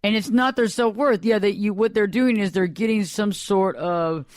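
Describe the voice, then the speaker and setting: A man who is a therapist and podcast host, explaining in a rambling, animated way in casual radio talk. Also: high-pitched, normal speed, no echo, clean studio sound.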